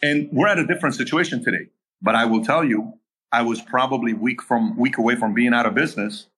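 A man telling his own story in a podcast interview, animated, acting out the quoted dialogue. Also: mid-range voice, a little fast, slightly rough. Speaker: podcast guest. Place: home area in Southern California.

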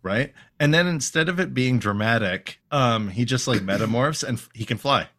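Animated man recapping a cartoon. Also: mid-range voice, normal speed. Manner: animated, jokey, acts out lines in silly voices. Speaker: podcast co-host. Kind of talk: casual comedic episode recap.

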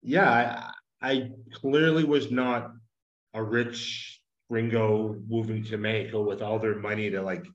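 A man's voice: lowish voice, fairly even intonation, a little slow. Earnest man on a roomy lo-fi line. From United States. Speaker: podcast guest. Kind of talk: casual interview conversation. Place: home in a small town. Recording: roomy, dull lo-fi audio.

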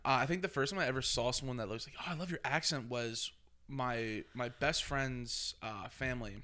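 A man's voice: mid-range voice, normal speed, bright, forceful tone, clear, resonant tone. A young man from Pennsylvania hosting a podcast, chatting casually in a rambling, joking way, full of filler words. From Pennsylvania, USA. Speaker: podcast host. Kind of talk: casual chat.

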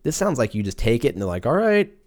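A man's voice: on the low side, lively intonation, rapid-fire, darkish tone. A man hosting a podcast, riffing profanely in a loose, rambling comic monologue and acting out silly voices for imagined people. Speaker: podcast host. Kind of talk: casual comedic podcast monologue.

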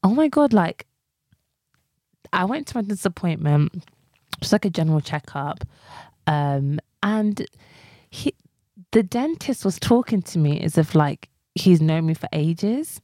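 A woman's voice: lowish voice, measured pace, long pauses, dry recording, studio quality. Chatty young British woman podcaster. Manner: chatty, lots of "like" fillers, animated storytelling. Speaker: podcast co-host. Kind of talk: casual chat.

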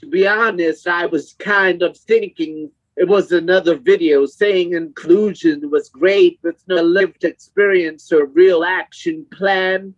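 A man's voice: high voice, dry recording, lo-fi sound. A man speaking through a text-to-speech communication device, with a synthetic, evenly paced voice, heard over a video call. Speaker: guest speaker.

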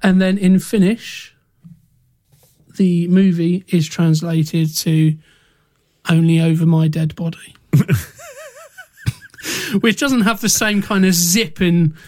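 A man's voice: high-pitched, slow, pauses often, no room sound. Man, podcast co-host, casual, dry sound. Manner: relaxed, reads out trivia with restarts. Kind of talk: casual film chat.

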